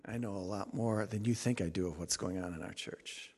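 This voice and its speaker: A man preaching a sermon as pastor, emphatic, moving from quiet asides to loud rising exhortation. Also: deep voice, brisk, breathy edge. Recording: long hall reverb.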